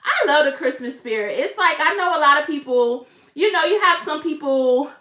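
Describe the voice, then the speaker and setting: A woman's voice: sits high, lively intonation, moderate pace, sharp tone. A woman hosting a casual crochet live stream, chatting and greeting viewers by name. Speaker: crochet livestream host. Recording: echoey room.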